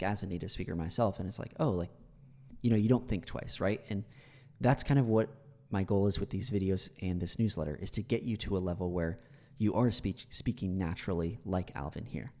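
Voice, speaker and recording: A man's voice: on the low side, dark tone, in a large hall. An American man teaching English, critiquing a speech clip in a chatty way with many fillers. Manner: chatty, many fillers, repeats words for analysis.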